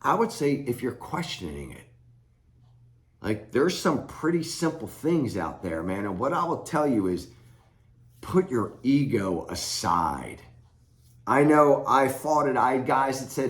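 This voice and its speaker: A man's voice: mid-range voice, big pitch swings, slow pace. A middle-aged man giving blunt, plain-spoken advice straight to camera as a recovery coach. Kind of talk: direct-to-camera advice talk. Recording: echoey room.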